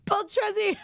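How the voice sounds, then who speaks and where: Casting: high-voiced, gravelly woman streamer, chatty and quick to react. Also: slight background noise. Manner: excitable, chatty, reads viewer messages aloud. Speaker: live-streaming gamer. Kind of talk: live gameplay stream chat.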